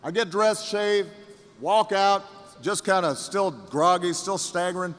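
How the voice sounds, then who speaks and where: A man giving a campaign rally speech, telling a story with repeated phrases and pauses that builds to rousing shouts, recorded in a reverberant hall. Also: high voice. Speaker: political candidate.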